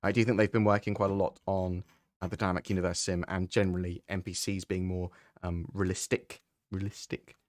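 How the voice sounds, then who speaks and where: Low-voiced man, relaxed streamer Q&A. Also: fairly quick, no room sound. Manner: relaxed, conversational, thinks aloud while answering. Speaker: streamer answering viewer questions. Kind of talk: casual live-stream Q&A.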